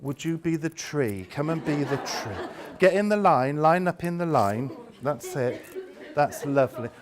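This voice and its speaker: A man leads a workshop full of volunteers, his voice swooping up and down with theatrical delight. He speaks slowly, teasing the helpers and savouring each word. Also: a little high, lively intonation, a crowd in the background. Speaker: education trainer leading a seminar. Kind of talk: lively workshop demonstration with volunteers.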